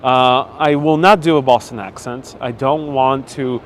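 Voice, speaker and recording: A man's voice: medium pitch, moderate pace. Chatty man on a walking livestream. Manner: chatty, reads viewer comments aloud, laughs often. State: a bit stuffy-nosed. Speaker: live-stream walking tour host. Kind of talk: casual live-stream chat while walking. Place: outdoors on busy city streets. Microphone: wireless clip-on mic. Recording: faint street noise outdoors.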